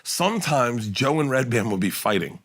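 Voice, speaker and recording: A middle-aged man spinning long stories on a podcast, a comedian guest who acts out each person he quotes. His pitch sits in the middle for a man, and his telling is loose and lively. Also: normal speed, breathy edge. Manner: animated storyteller acting out quotes. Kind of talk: casual podcast storytelling.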